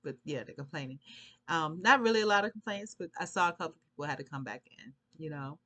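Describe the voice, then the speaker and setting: A woman's voice: deep voice, lively intonation, quick pace, fairly bright tone. A woman vlogging, telling a long casual story in a rambling, chatty way and laughing often.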